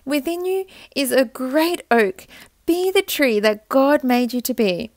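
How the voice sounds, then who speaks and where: A loving mother oak tree from a storybook, speaking softly and reassuring her little one, as voiced by a woman. Her voice sits high and swings gently, close and dry. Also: expressive, unhurried, no room sound. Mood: calling. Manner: soft, reassuring.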